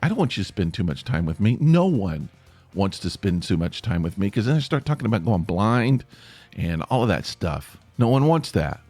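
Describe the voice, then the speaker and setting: A middle-aged man chats alone into the mic, rambling and poking fun at himself as he speaks straight to his listeners. His pitch swings up and down a lot. The sound is dry and close, with faint music underneath. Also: very animated, moderate pace, mellow, breathy edge, dry recording. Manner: rambling, self-deprecating, talks to listeners directly. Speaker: podcast host. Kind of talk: casual solo podcast monologue.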